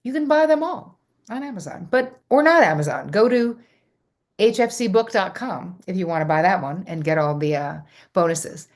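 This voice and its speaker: A woman's voice: medium pitch, lively intonation, normal speed. A middle-aged woman hosting a live workshop, reading out viewer comments and answering them with effusive enthusiasm. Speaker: host.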